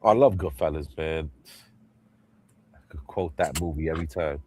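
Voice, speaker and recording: A man hosting a livestream in casual chat, animated, laughing often and swearing freely as he acts out movie lines. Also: extremely low pitch, moderate pace, slight background noise. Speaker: livestream host.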